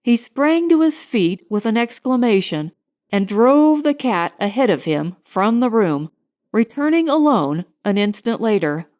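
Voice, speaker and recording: Woman narrating an audiobook, slow and expressive. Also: fairly high pitch. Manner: expressive, unhurried storytelling.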